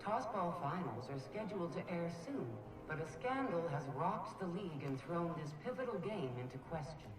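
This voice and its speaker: An actress playing a brisk, polished news announcer in a video game. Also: female voice, on the low side, animated, close to an everyday voice. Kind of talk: mock newscast. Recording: echoey, distant, over music.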